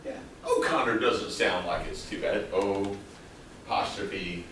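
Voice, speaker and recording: A man's voice: on the low side, a little slow, distant mic, noisy background. Joking male lecturer in an echoey room. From El Paso, Texas. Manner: casual, joking, quizzes the class. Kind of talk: classroom lecture. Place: classroom. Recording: echoey classroom taped from afar.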